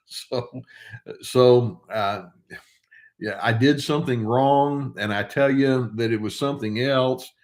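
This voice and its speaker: A man's voice: medium pitch, slow pace. An older man, a therapist, talking casually and wryly to the camera while he thinks aloud. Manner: wry, conversational, thinking aloud.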